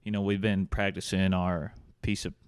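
A man's voice: low-pitched, little pitch movement, normal speed, clean tone, no echo, studio quality. A young man, an actor guest, telling his story in a casual, easygoing interview chat. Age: young adult.

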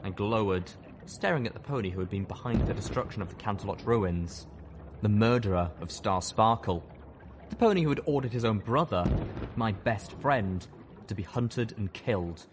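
Low-voiced man narrating over battle noise. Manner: steady, intense first-person storytelling. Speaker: audiobook reader. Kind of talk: dramatic audiobook narration. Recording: noisy with battle sound effects.

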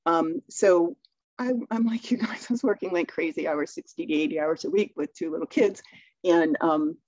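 Chatty middle-aged woman with a mellow voice. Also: lowish voice, moderate pace, no room sound, highs cut off. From Maine. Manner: chatty storytelling, acting out dialogue. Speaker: speaker. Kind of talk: webinar talk.

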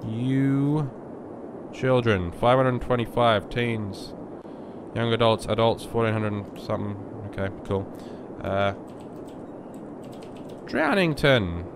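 A sick young man rambling and joking through casual gameplay commentary, sometimes yelling at the game. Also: on the low side, steady tone, takes it slowly, noisy background. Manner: rambling and joking, with sudden loud outbursts at the game. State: sick with a virus. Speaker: gaming YouTuber.

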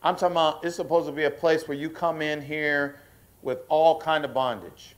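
A man preaching as a pastor at a church service, often asking the congregation to answer back and slowing down to stress key points. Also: a little high, fairly even intonation. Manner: call-and-response preaching, asks the congregation to affirm; slows down and rises in force for emphasis. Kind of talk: sermon.

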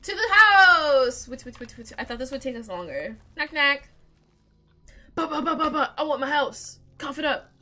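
A woman giving casual let's-play commentary while gaming. She is chatty and excitable, and talks back to the characters on screen. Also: high-pitched, moderate pace. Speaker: gamer playing a role-playing game.

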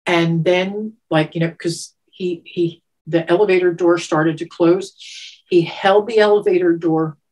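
Animated older woman telling a story. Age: 70s. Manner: animated, laughs often, acts out quotes with sudden pitch jumps; emotional, halting restarts. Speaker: interviewee. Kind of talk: storytelling, recounting a personal memory.

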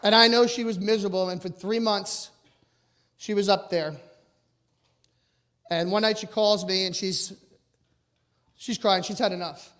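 A middle-aged man with a notably high voice delivers a motivational talk before a live audience. He speaks loud and emphatic, pushing his personal stories hard. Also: fairly even intonation, unhurried, pauses often.

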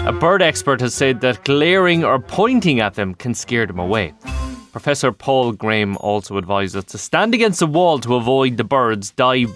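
An Irish man hosting a breakfast radio show, chatty and jokey, laughing often. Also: medium pitch.

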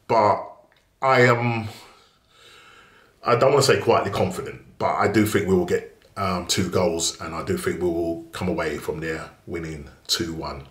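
A man's voice: sits low, fairly even intonation, a little slow, reverberant. A man hosting a casual football match preview, chatty and rambling with many fillers and restarts. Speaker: football channel host.

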